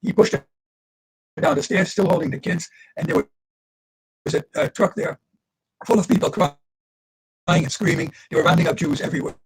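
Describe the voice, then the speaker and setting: A man's voice: high voice, normal speed, gravelly, long pauses, husky, rough recording. A man in his eighties, a survivor giving an earnest livestreamed talk to students over a video call and speaking straight to his listeners. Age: 80s. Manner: earnest, addresses listeners directly.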